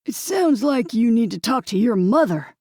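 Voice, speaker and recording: A woman voicing a gruff, protective older mailman who speaks curtly. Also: on the high side, big pitch swings, moderate pace, a little mellow, dry recording, clean studio sound, pitched above the performer's own voice. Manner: gruff, curt.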